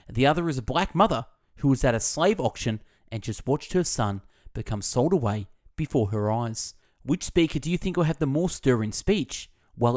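Man reading a book summary aloud. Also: medium pitch. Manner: expressive reading that stresses key words. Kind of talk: scripted narration.

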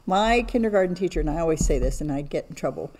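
A woman's voice: deep voice, lively intonation, fast, a little mellow. An older woman co-hosting a casual Bible study chat, earnest and talkative. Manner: chatty, earnest, talks a lot.

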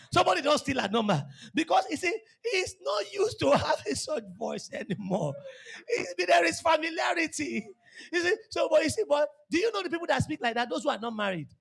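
A Nigerian man preaching a sermon as pastor, emphatic and theatrical with shouted lines. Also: very high voice, vocal fry.

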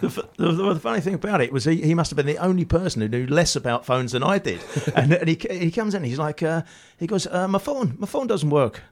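A man's voice: on the high side, animated, quick pace, few pauses. A man guesting on a radio chat show tells stories at his own expense. He hesitates with fillers and often slips into laughter. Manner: self-deprecating storytelling with frequent laughs. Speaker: actor and guest.

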